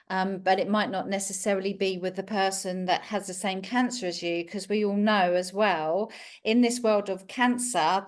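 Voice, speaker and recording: A woman host speaking thoughtfully in a casual video call chat. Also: medium pitch.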